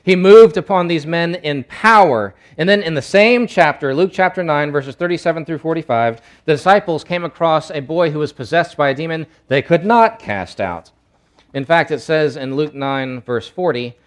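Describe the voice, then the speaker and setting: A man preaching a sermon, emphatic, swinging from loud bursts to low asides and acting out quoted voices. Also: moderate pace.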